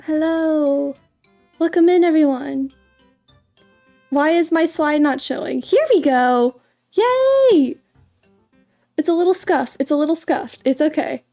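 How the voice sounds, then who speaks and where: A woman's voice: sits high, steady tone, unhurried, dark tone, faint music behind. A woman streaming as a VTuber in a casual livestream chat, bubbly and giggly, often stumbling and repeating her words.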